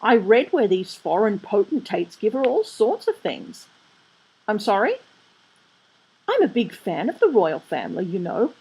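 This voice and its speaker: A woman's voice: mid-range voice, sing-song, dark tone, slightly rough, full character voice, low-quality recording. A woman voicing a chattering, flustered middle-aged nun who is eager to please. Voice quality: prattling, hurried.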